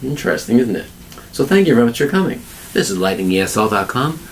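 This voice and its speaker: A man teaching an English vocabulary lesson alone, spelling words out slowly and asking rhetorical questions. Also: mid-range voice, sing-song, recorded from a distance, slight background noise, low-quality recording. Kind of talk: solo ESL vocabulary lesson.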